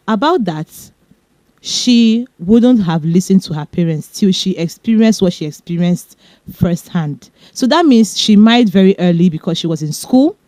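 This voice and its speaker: A young Nigerian woman with a Nigerian accent hosting a podcast, giving chatty relationship advice quickly, with laughing asides. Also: medium pitch, expressive, warm tone, no echo. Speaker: podcast host. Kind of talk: casual advice talk.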